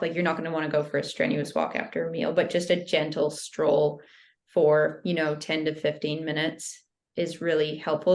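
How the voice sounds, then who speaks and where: A woman who is a guest on a podcast, explaining nutrition in a steady, casual way and often saying "like". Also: deep voice. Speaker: health guest.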